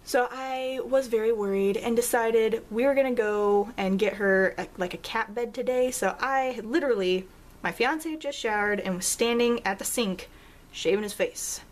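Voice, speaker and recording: A young woman talks to her viewers in a loose, chatty vlog. She tells a story with animated swings in pitch and bursts of laughter. She jumps up high whenever she acts out a quote. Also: normal speed. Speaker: vlogger.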